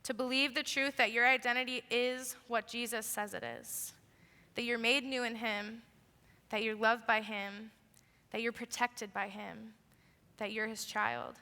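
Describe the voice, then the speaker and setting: A woman's voice: on the high side, steady tone, unhurried, vocal fry, bright, forceful tone. A young woman giving a youth sermon in an earnest, emphatic way, in a large hall. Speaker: youth speaker. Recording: echoey hall.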